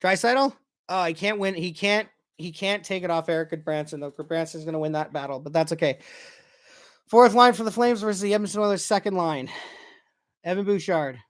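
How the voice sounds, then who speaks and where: A man giving casual play-by-play of a hockey game as a fan, excitable and quick to swear, breaking into shouts when his team scores. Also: sits high. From Canada. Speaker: fan commentator. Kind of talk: casual play-by-play watch-along.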